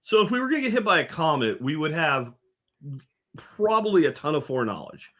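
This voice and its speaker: A man co-hosting a casual live talk show, telling stories with animated energy. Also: a little high, fairly quick. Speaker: co-host.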